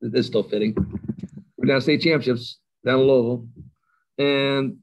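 A middle-aged man with a Kentucky accent, a high school coach telling stories as a guest, self-mocking and laughing often. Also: steady tone, moderate pace. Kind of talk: casual storytelling interview. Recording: slightly dull lo-fi sound.

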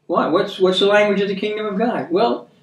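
A man with an American accent giving a conversational sermon, earnest, repeating words for emphasis and reading scripture slowly. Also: high-pitched. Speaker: preacher. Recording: echoey room, mic at a distance.

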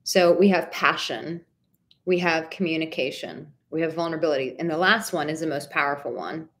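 A woman in her thirties coaching viewers through a live Q&A about relationships. Her voice sits a little low, and she speaks with blunt candor, swears casually and answers the chat warmly by name. She hits her points with emphasis. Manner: warm pet names for viewers. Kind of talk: live-stream Q&A advice.

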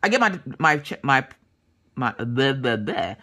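A woman's voice: very deep voice, unhurried. A woman in her thirties telling a long story in a casual, chatty way as a craft vlogger. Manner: animated, chatty, acts out voices of others in her stories.

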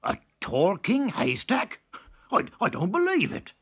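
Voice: mid-range voice, huge pitch swings, unhurried, husky, voice pushed up, exaggerated voice. A storyteller voicing a blunt country farmer who mutters and talks with disbelief. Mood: astonished. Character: gruff country farmer, grown man, blunt. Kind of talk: storybook character voice.

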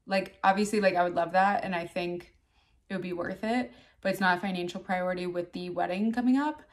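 A woman's voice: fairly low pitch, fairly quick. Chatty young woman vlogging on her phone. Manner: chatty, rambling, lots of "like". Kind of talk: casual vlog chat. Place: home, then in a car. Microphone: phone camera.

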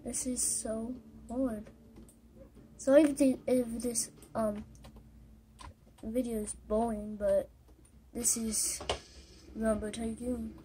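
A woman giving casual gameplay commentary while playing, halting and exasperated, with many fillers. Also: a little high, little pitch movement, mellow, slight background noise. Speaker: gamer recording gameplay.

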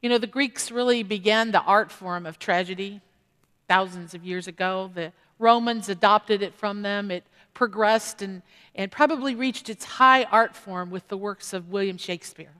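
A woman's voice: mid-range voice, normal speed, a bit bright, in a large hall. A woman pastor preaching a sermon in a conversational way and putting questions to the congregation. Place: church sanctuary.

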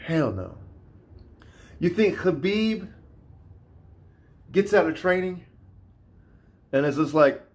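A man ranting in a casual vlog, animated and profane, often repeating himself. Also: on the high side, slow pace, long pauses. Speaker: vlogger. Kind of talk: casual rant.

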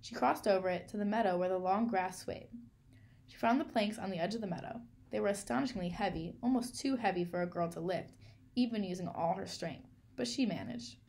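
Woman storybook reader, measured and clear, mid-pitched with some vocal fry. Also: darkish tone. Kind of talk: storybook read-aloud.

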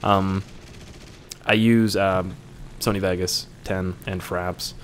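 A man's voice: sits low, little pitch movement, takes it slowly, slight background noise. A young man reading viewer questions aloud and answering them in a casual, joking way, swearing now and then.

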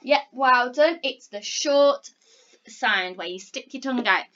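A woman teaching phonics to young children, encouraging and clear, sounding out words slowly. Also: sits high, expressive, sharp tone, dull audio. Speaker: primary school teacher.

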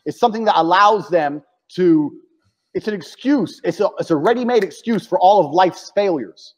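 A man's voice: sits high, lively intonation, normal speed. A man in casual chat as a podcast guest, blunt and provocative, swearing and acting out the voices of people he quotes. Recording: dull lo-fi audio with long reverb.

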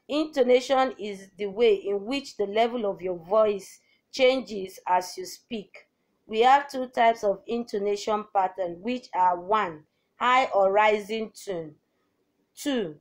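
A woman teacher giving a formal televised lesson, reading out each point of her outline in a measured, deliberate way. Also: mid-range voice, darkish tone.

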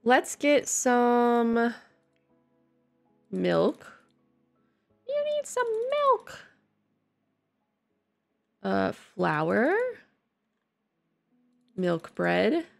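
A young woman chats her way through a life-sim game with a hoarse, congested voice that swoops high and low. Her words come slow and unhurried, with a gravelly fry at the ends of phrases. Faint game music plays behind her. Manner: chatty, expressive, loud squeals of alarm. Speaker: gaming streamer. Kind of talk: casual let's-play commentary.

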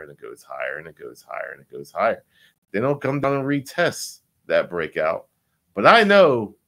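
A man casually breaking down crypto price charts, animated and repetitive, swearing now and then. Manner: animated, repetitive, swears, sweeps between loud and low.

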